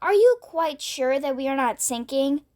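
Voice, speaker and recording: A woman's voice: high voice, lively intonation, moderate pace, mellow. A woman voicing a timid, polite female ladybird in a storybook reading. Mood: anxious.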